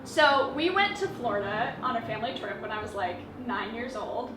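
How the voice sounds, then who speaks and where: A woman's voice: on the high side, big pitch swings, moderate pace, noisy background. A young American woman, a guest, chatting casually and expressively with many fillers. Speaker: guest YouTuber. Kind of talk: casual chat. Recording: echoey room, mic at a distance, music behind.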